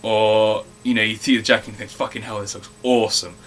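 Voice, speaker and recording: A man's voice: on the low side, fairly even intonation, fairly quick, a bit bright, a little hiss or hum. A man co-hosting a casual film review chat, talking in a chatty way and swearing freely.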